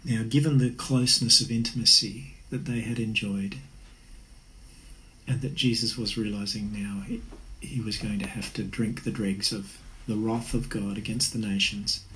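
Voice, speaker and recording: A man's voice: fairly low pitch, fairly even intonation, normal speed, pushed and bright, slight background noise, low-quality recording. A man preaching an earnest, conversational sermon. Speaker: pastor.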